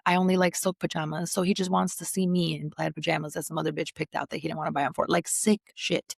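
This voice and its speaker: Gravelly woman telling a story, blunt. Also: low voice, fast, hardly any pauses, dry recording, studio quality. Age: 30s. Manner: animated storyteller, acts out quotes, blunt and profane. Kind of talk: casual chat.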